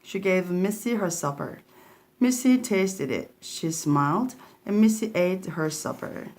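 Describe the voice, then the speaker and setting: Woman reader, low gravelly voice, steady storybook narration. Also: a little slow, a little hiss or hum. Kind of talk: children's story read-aloud.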